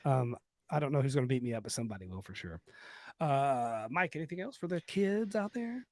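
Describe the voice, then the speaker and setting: A man's voice: mid-range voice, animated, fairly quick, no echo. A man co-hosting a comedy podcast, rambling with crude jokes and lots of fillers. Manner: vulgar, joking, rambling with fillers. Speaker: podcast co-host.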